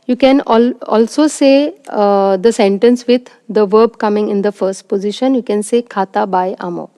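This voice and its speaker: A woman delivers a recorded university lecture and works methodically through each example. Her voice is mellow and warm. The recording is dry and close, with no room sound. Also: mid-range voice, moderate pace, no echo. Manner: methodical, explains step by step with examples.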